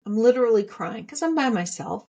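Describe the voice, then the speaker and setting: A woman's voice: fairly high pitch, animated, a little fast, dark tone. A middle-aged woman hosting a podcast, candidly telling a personal story and repeating phrases for emphasis. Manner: candid and heartfelt. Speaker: podcast host.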